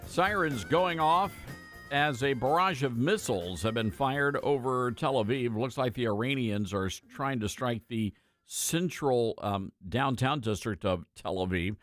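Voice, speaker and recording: A man hosting a talk radio show in a studio, chatting casually with guests and pausing often with fillers. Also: mid-range voice, animated, fairly bright tone, faint music behind. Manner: casual, folksy, halting with fillers. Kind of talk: conservative talk radio chat.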